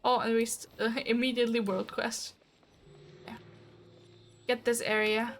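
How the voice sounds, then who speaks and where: A woman streaming a video game, talking casually in an excitable way, swearing freely and laughing often. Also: fairly high pitch, a little slow. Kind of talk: casual gaming livestream.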